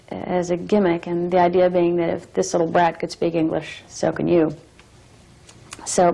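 A young adult actress speaking as an interview guest, thoughtful and measured, reflecting on her work. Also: mid-range voice, gravelly, warm tone, low-quality recording.

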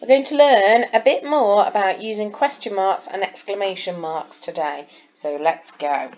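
A woman's voice: mid-range voice, moderate pace, a little mellow, muffled recording. A woman, a primary school teacher giving a recorded lesson and explaining patiently, step by step, to young children. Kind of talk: recorded lesson over slides.

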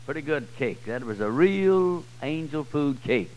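A man with a Southern US accent preaching a sermon, swinging from loud, high cries to low, quiet passages. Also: expressive, unhurried, low-quality recording. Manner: swells loud and high then drops low and soft. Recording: old 1990s church tape.

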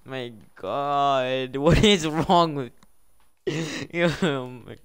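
A man in casual live-stream commentary, exasperated and scolding as players squabble on his server. He laughs often between his complaints, in a voice of ordinary middle pitch. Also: steady tone, drawn-out words, clean tone. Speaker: livestreamer running a Minecraft server.

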